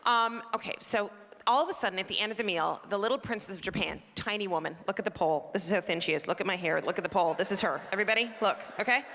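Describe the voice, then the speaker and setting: Talking very fast in a medium-pitched, fairly bright voice, a middle-aged woman from Canada does a stand-up set at a performing arts center. She's chatty, pokes fun at herself and plays characters; the stage mic captures long theater reverb.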